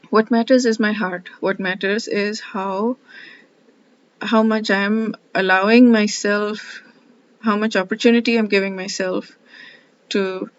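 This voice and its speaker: A woman with a mid-range voice, recorded dry on slightly dull lo-fi audio, talks through her thoughts in a reflective personal vlog about studying scripture. She rambles and speaks from the heart, questioning herself, restarting often, using plenty of fillers, and frequently quoting her own thoughts.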